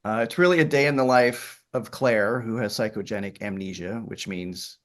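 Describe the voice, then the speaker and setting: With a voice on the low side and normal speed, a middle-aged man from Michigan's Upper Peninsula, faintly Yooper-accented, chats through stories as a theater director in an interview. He often uses fillers and restarts his sentences.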